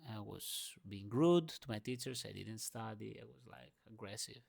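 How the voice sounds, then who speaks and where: A young man ranting through a morning monologue in his second language. He swears freely and swings between loud outbursts and low murmurs. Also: animated, normal speed, gravelly, breathy edge. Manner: speaks English as a second language. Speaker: vlogger.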